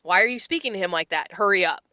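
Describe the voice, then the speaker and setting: A woman's voice: mid-range voice, fast, dry recording, clean studio sound. A woman co-hosting a podcast, telling a work story in casual chat and swearing freely. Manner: animated storytelling with frequent swearing. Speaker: podcast co-host.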